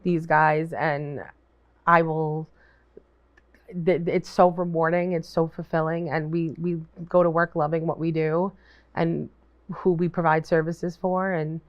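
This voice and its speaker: A woman's voice: sits low, flat delivery, unhurried, lo-fi sound. A woman describing her work as a talk show guest. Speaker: guest, autism program worker. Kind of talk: interview answers.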